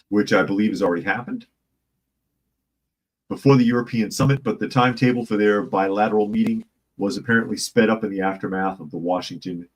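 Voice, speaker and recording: A man's voice: lowish voice, slightly rough, low-quality recording. A man hosting a casual opinion show on the news, sarcastic and improvising jokes while reading articles. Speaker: news commentary host.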